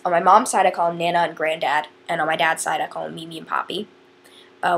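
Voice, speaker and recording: A woman's voice: fairly low pitch, breathy edge. A teenage girl from northern Indiana chatting to camera in a rambling, casual way with lots of fillers. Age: teens. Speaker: vlogger.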